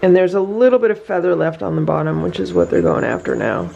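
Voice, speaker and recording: A woman filming a casual vlog about her cats, chatting about their routines and coaxing them with a high voice. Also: lively intonation, fast talker, gravelly, dark tone, lo-fi sound. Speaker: cat vlogger. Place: indoor room with cats.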